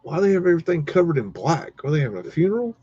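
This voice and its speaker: A man's voice: on the high side, very animated, very fast, dark tone, slightly rough, no echo. A man hosting a live stream, telling a rambling story full of cursing and restarts, sounding exasperated. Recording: dull lo-fi dry sound.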